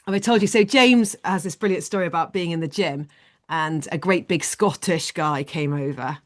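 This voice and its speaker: A woman with a lowish voice leads a leadership training session over a video call. She explains each idea animatedly, often acting out little examples. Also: normal speed.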